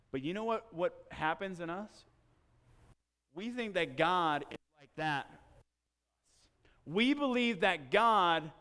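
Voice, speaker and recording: High, clear-voiced male pastor preaching. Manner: animated storyteller acting out scenes. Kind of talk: sermon with personal storytelling. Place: church.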